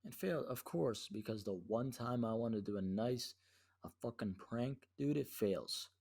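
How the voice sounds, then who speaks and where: A man's voice: medium pitch, a little slow. A young man telling a story as a podcast host, slangy and profane, with lots of "dude". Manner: slangy and profane, says "dude" a lot, animated retelling. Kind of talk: casual storytelling monologue.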